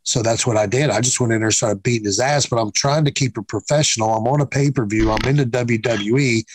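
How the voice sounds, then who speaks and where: A man's voice: mid-range voice, fast talker, dry recording, poor audio. A man in his fifties, a guest in a casual interview, telling stories bluntly with profanity and acting out quoted dialogue. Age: 50s. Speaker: guest, former pro wrestler.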